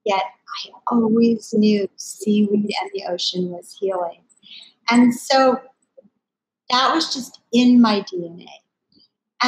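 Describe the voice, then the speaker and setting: An American woman in her sixties, a company founder speaking at a summit, tells a family story in an interview. Her voice is mid-range and the audio is poor, but she's an animated, expressive storyteller who acts out the quotes from her family.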